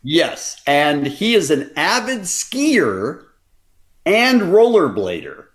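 A male host talks in a casual chat with a very lively, wide-ranging pitch. He speaks quickly and dryly, with a sarcastic edge.

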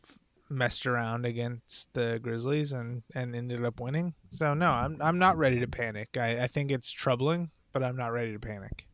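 Laid-back man with a smooth voice. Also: mid-range voice, moderate pace, a bit bright. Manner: laid-back, laughs often, hedging restarts. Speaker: podcast co-host. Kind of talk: casual sports chat.

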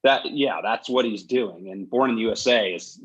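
A lower-voiced man with a husky edge hosts a podcast, chatting casually and drifting into animated stories. The audio sounds slightly dull and lo-fi. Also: moderate pace. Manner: animated storyteller, digressive. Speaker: podcast host. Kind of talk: casual chat.

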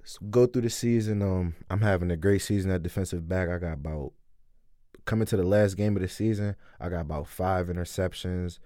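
A young man telling a story in a casual interview, excitedly acting out quotes. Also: low voice, a little fast, no room sound, clean studio sound. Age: young adult. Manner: animated storyteller, acts out quotes loudly. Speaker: interview guest, college football player.

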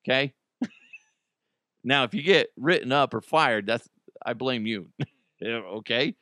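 A man in his forties hosting a casual solo podcast, excitable and laughing often. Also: medium pitch, measured pace, long pauses, no room sound, clean studio sound. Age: 40s. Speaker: podcast host.

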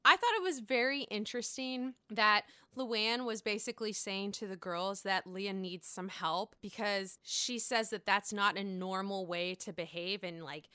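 Bright, gossipy woman recapping reality TV. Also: mid-range voice, unhurried, few pauses, clear, resonant tone, no echo, clean studio sound. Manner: gossipy, animated, dramatic outbursts. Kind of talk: casual recap chat.

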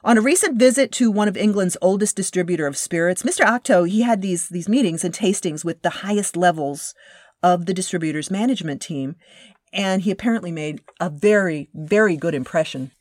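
A woman's voice: lowish voice, a little fast, darkish tone, dry recording, clean studio sound. A woman host telling a story in a casual, enthusiastic way, often restarting and searching for words. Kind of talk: casual narration about a craft distiller.

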